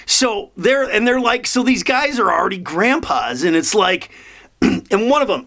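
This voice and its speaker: Guy in his fifties w a pretty high voice, just rambling on, lots of restarts and ums. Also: expressive, moderate pace, bright, forceful tone. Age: 50s. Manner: meandering, with frequent restarts and fillers. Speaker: motivational vlogger. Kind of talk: rambling monologue.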